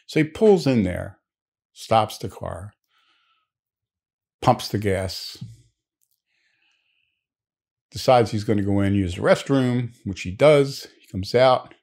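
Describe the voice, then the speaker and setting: A man's voice: lowish voice, animated, slow pace, creaky, long pauses, a little mellow. A man telling a long joke story in a leisurely, conversational way, with asides to the listener.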